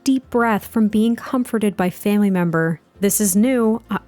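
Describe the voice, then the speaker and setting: A woman hosting a life-sim let's play, narrating in an animated, gushing way and laughing often. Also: mid-range voice, moderate pace, no echo, faint music behind. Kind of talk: life-sim game commentary.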